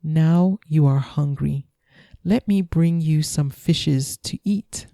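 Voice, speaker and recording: A woman voicing a thousand-year-old fairy crone in a calm storybook reading. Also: deep voice, takes it slowly, gravelly, no echo, full character voice. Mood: stern.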